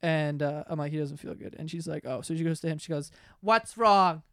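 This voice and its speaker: A young man hosting a casual podcast with his siblings, telling crude, animated stories and laughing as he goes. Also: a little high, fast talker, dry recording, clean studio sound. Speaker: podcast host. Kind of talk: casual storytelling among siblings.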